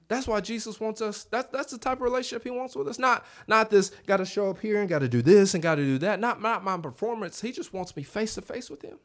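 A man's voice: fast, few pauses. A man in his thirties preaching a revival sermon in a church, conversational, with asides to the congregation and a voice that jumps up when he acts out what people say. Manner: animated, voice rising high when acting out quotes. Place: church sanctuary.

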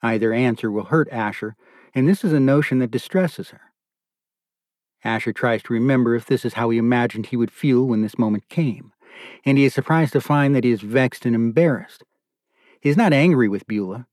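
A man giving a calm, measured scripted narration of a novel. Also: medium pitch, dry recording, clean studio sound. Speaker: audiobook narrator.

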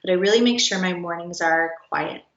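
Low-voiced woman on a distant, roomy call. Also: a little fast, a bit bright. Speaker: podcast guest, project founder. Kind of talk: casual interview chat. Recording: roomy, distant, dull sound.

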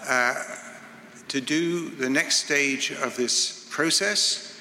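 A man's voice: medium pitch, bright, forceful tone. Man giving a formal welcome in an echoey hall. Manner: measured, with pauses and small restarts. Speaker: museum director hosting a book launch. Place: large echoey museum hall. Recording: echoey hall reverb, faint noise.

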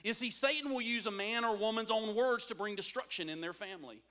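A man's voice: high voice, brisk, sharp tone. A man preaching a sermon as a pastor, reading scripture and building in intensity with call-and-response.

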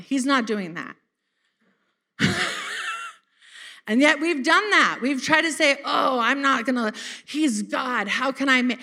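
At a church service, a woman delivers a casual sermon, chatting directly with the congregation, laughing, and often asking if they caught that. Her voice is high and a little slow, with a bright, forceful tone.

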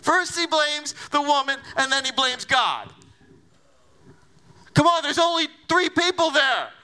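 Animated preacher with a bright voice. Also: male voice, very high voice, measured pace. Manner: animated and conversational, with rhetorical questions. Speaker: pastor. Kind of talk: sermon.

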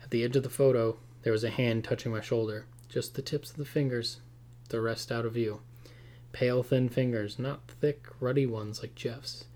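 A man narrating a first-person scary story aloud in a steady, tense delivery. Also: medium pitch, normal speed.

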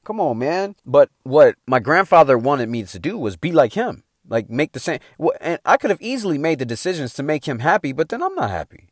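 Animated middle-aged man giving a pep talk. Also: fairly high pitch, brisk, few pauses, dry recording, clean studio sound. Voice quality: emphatic, slangy, swears freely. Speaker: motivational speaker. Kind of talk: motivational talk.

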